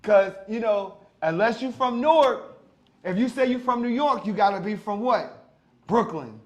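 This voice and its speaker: A man's voice: high-pitched, moderate pace. A man from New Jersey hosting a morning talk show, chatting casually and acting out street voices. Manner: animated, acts out street voices. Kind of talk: casual chat.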